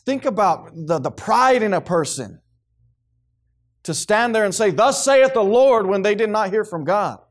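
A man's voice: sits high, normal speed. A man preaching a sermon to a congregation, acting out the voices of the people he quotes. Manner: animated, acts out quoted voices, responsive amens from congregation.

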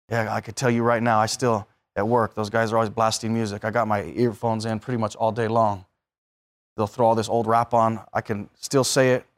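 A man preaching a sermon, telling everyday stories and acting out the voices of the people in them. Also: on the low side. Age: adult, married.

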